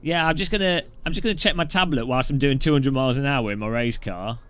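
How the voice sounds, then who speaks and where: A man's voice: mid-range voice, quick pace, a bit bright, a little hiss or hum. A man giving casual, joking commentary while driving a racing sim, chatty and rambling with frequent laughs and restarts. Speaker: sim racing video host.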